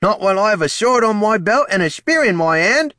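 A man's voice: high voice, lively intonation, a little fast, pushed and bright, no room sound, clean studio sound, pitched above the performer's own voice. A man doing a startled, loyal soldier. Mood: startled, proud. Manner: startled, proud, respectful. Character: startled, loyal middle-aged male soldier.

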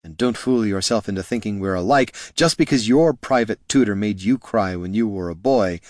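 A man's voice: lowish voice, normal speed, dry recording, studio quality, close to an everyday voice. A man voicing a proud, fierce young woman mage who snaps and talks back defiantly in an audiobook. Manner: sharp, snapping, defiant.

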